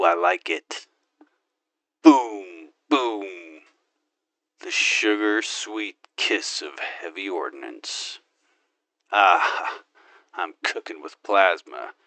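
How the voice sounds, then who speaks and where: A man's voice: fairly low pitch, creaky, sharp tone, no room sound, heavily acted. A man voicing a cocky, wisecracking gun-crazy marine. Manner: boastful wisecracking, makes gun sound effects. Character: cocky gun-loving male space marine hero. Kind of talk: in-character game monologue.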